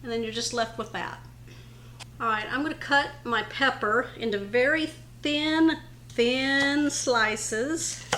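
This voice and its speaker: A woman's voice: fairly high pitch, slow, sharp tone, slight background noise. A woman hosting a home cooking demonstration in her kitchen, talking viewers through each step in a friendly, chatty way. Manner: friendly, chatty, addresses viewers as you guys. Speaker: cooking show host.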